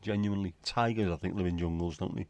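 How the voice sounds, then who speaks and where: A man's voice: low voice, fairly even intonation, fast talker, darkish tone, dry recording. A middle-aged British man hosting a casual late-night livestream, rambling wryly and chatting to his viewers from home. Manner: rambling, wry, talks to himself. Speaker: livestream host.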